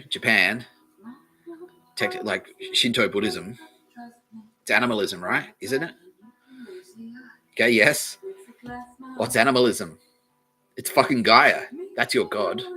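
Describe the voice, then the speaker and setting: A man hosting a solo podcast, ranting in a profane, animated way and laughing often. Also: lowish voice. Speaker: podcast host. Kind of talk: rambling solo podcast monologue.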